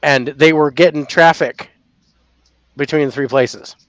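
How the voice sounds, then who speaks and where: A man co-hosting a casual paranormal podcast, telling a story with lively acted-out reactions. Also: a little high, a little slow, dry recording. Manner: animated storyteller, acts out his own reactions loudly. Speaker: podcast co-host.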